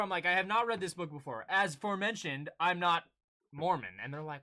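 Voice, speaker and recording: Young guy on a podcast, high bright voice, acts out everyone in his stories. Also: moderate pace. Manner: animated storytelling, acting out exchanges. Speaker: podcast co-host. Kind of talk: casual chat.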